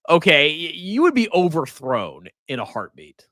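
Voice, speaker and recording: A male finance streamer riffing sarcastically on a casual livestream, his slightly high voice swinging widely in pitch. He sounds mocking and excitable. The sound is close and dry. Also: normal speed, no echo.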